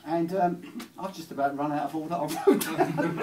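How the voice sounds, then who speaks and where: An English man with a rambling, giggly stand-up delivery. His voice is fairly high and swings freely. It comes from a distant mic in a small venue, with faint noise behind. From England. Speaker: comedian. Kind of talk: stand-up comedy.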